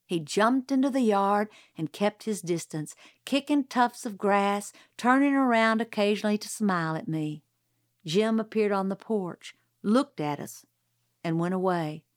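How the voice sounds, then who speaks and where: A woman narrating a first-person story as an audiobook reader, even and unhurried. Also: mid-range voice, dry recording, clean studio sound.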